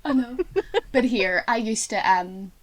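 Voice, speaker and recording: A woman's voice: fairly high pitch, a little slow. A Northern Irish woman in her twenties, co-hosting a podcast and telling rambling stories full of fillers. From Northern Ireland. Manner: chatty, rambling storyteller with many fillers. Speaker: podcast co-host. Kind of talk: casual chat.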